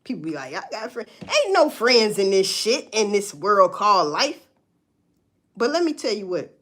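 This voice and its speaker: A woman's voice: medium pitch, big pitch swings, moderate pace, fairly bright tone. A woman talking bluntly and profanely to her viewers, preaching about work and faith in casual commentary. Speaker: social media commentator. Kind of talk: casual live-stream commentary.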